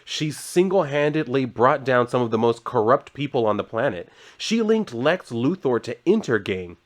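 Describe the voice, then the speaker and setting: A man's voice: mid-range voice, big pitch swings, normal speed, close to an everyday voice. A man reading aloud as a nervous, starstruck young journalist from a comic book, in a mid-range voice. The lines are spoken plainly, close to his normal talk.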